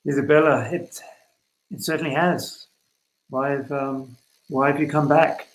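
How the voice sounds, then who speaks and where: A man voicing a guarded former groom who now raises a daughter, speaking haltingly in a telenovela role-play. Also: mid-range voice, fairly even intonation, echoey room, natural voice, rough recording. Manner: halting, hesitant.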